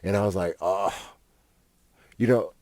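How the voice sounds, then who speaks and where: A man's voice: sits low, unhurried, a little mellow, no echo, clean studio sound. A young man, a podcast host telling a rambling, profane story with lots of fillers. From Fort Worth, Texas. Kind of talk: casual storytelling monologue.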